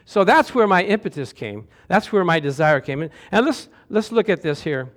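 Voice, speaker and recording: A man with a high voice preaching a lively sermon in a church. He keeps calling out to the congregation for answers as he goes. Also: moderate pace. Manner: animated, calls out to the congregation for responses.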